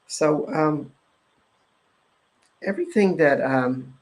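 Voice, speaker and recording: Halting man chanting clearing phrases. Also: a little high, low-quality recording. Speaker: host and energy-clearing practitioner. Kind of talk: guided energetic clearing talk on a live show.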